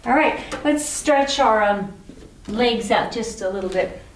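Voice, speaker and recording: A woman's voice: a little high, animated, measured pace, a little hiss or hum. A woman leading an exercise class for older adults, counting reps and cheering people on, a little out of breath. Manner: encouraging, counts reps aloud, cheers on the last reps. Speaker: fitness instructor. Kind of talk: guided exercise class instruction. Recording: echoey room, mic at a distance.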